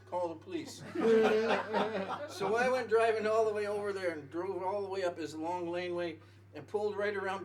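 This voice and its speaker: Guy yarning on stage at a small gig, rambly and chuckly, voice sitting a bit high and kinda far off the mic, music faintly behind. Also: a little hiss or hum. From Canada. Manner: rambling, self-interrupting, laughing at his own jokes. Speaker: musician telling a story on stage. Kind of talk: storytelling between songs. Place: small music venue with audience. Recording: live music venue, mic from a distance.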